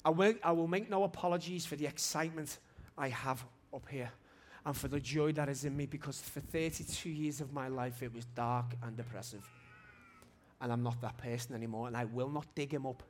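A man in his forties preaching a testimony sermon in a church hall, fervent and shouting at his high points. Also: fairly quick, slight background noise.

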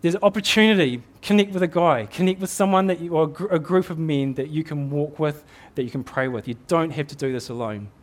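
A man's voice: fairly high pitch, a little fast, few pauses. A middle-aged man with a New Zealand accent preaching a sermon in an earnest, exhorting way, often repeating words as he builds a point.

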